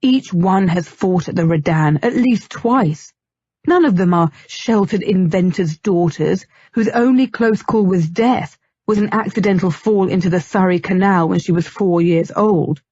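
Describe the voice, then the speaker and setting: A woman's voice: fairly low pitch, unhurried, darkish tone, slightly rough, no echo, lo-fi sound. A woman voicing a gloomy, frustrated young man returned from death, in an audiobook reading. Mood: brooding.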